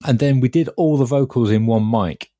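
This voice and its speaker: A man's voice: medium pitch, moderate pace, mellow, dry recording, studio quality. A middle-aged man co-hosting a podcast, reminiscing in a chatty, wry way. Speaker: podcast co-host. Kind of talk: casual chat.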